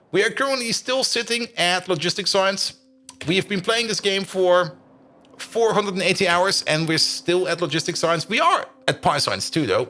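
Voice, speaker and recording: A man's voice: fairly high pitch, bright, forceful tone, a little hiss or hum. A man streaming a game live, chatting casually with his viewers and laughing often.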